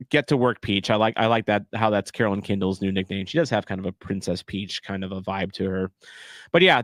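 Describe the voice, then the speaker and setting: A man's voice: medium pitch, fairly bright tone, no echo. A man hosting his fan channel, talking frankly and profanely in casual reaction chat, rambling and restarting his sentences. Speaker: channel host.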